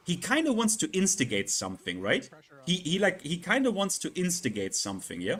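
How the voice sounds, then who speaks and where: A man streaming live and chatting casually, halting and repeating words with many fillers. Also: high voice, big pitch swings, fairly bright tone.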